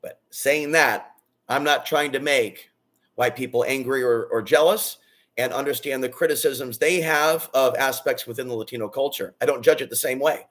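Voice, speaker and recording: A man talking straight to his viewers in a loud, booming, rambling monologue that swings between excited bursts and low, hushed stretches. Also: moderate pace. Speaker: vlogger.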